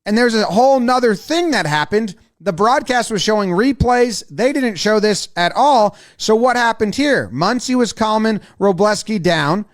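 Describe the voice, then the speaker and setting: Excitable high-voiced man breaking down baseball. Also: normal speed, hardly any pauses. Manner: excitable, profane, acts out players' lines. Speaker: sports video commentator. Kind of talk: casual game breakdown commentary.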